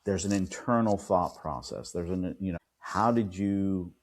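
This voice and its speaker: A man, an attorney and podcast guest, telling a client story with lively quoted dialogue. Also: low-pitched, a little slow. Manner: animated retelling, acts out quoted dialogue. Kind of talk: storytelling in an interview.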